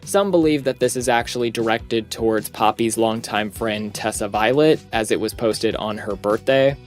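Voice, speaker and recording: A man with a mid-range voice reads a scripted video essay in a steady narrating manner. He drops in casual, wry remarks now and then, and faint music sits under his words. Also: mid-range voice. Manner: recounting with casual, wry asides.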